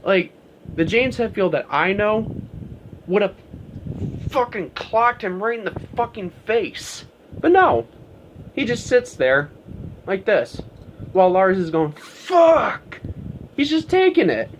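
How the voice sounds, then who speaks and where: A man's voice: high-pitched, very animated, unhurried, long pauses, a little hiss or hum. A man talking straight to his viewers in a casual, rambling rant, swearing often and filling his talk with "like" and "you know.". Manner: profane, rambling, heavy on fillers. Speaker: vlogger. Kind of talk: casual ranting monologue.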